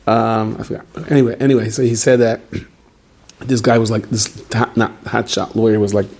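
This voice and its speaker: A man speaking as a rabbi, giving a Purim talk to a live audience as an animated storyteller who banters with his listeners. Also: lowish voice, normal speed, crowd noise.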